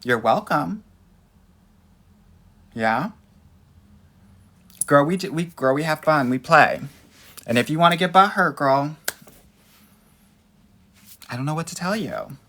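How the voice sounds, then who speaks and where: A man's voice: fairly high pitch, sing-song, slow pace, pauses often, pushed and bright. A young man hosting a casual livestream as a dating coach, sassy and playful, calling his viewers honey and girl.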